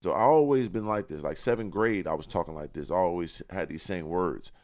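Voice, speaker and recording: A man's voice: low-pitched, fairly quick, a little mellow. A young man, a rapper guest on a podcast, talking about himself with boastful confidence and street slang. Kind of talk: casual interview talk.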